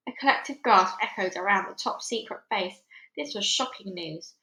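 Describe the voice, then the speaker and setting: A woman reading a children's book aloud to listeners in a friendly, expressive way. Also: medium pitch, normal speed, roomy sound, rough recording. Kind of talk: read-aloud storytelling.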